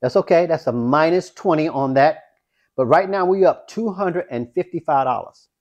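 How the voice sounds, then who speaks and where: A man vlogging his craps practice, talking viewers through each throw with excitement. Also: on the high side, normal speed, dull audio. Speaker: dice-control craps vlogger. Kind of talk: casual play-by-play while throwing dice.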